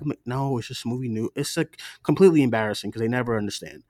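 A man's voice: mid-range voice, very fast, dry recording, clean studio sound. A man co-hosting a movie podcast, chatting casually and acting out other people's voices as he tells stories. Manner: animated storyteller, acts out relatives' voices. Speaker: podcast co-host. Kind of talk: casual chat.

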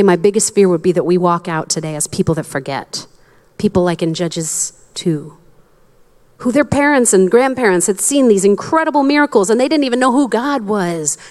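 A young adult woman preaching a sermon in a conversational, candid way, with quick asides. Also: medium pitch, darkish tone. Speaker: pastor.

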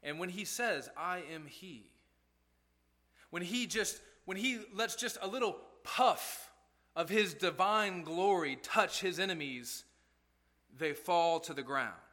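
A man's voice: high voice, lively intonation, unhurried, pushed and bright. A male pastor preaching a sermon in a conversational way, asking rhetorical questions as he goes.

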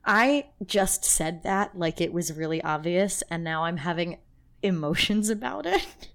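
A woman's voice: fairly low pitch, lively intonation, unhurried. A woman co-hosting a podcast, talking in a casual, emotional and rambling way with many restarts. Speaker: podcast co-host. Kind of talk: casual chat.

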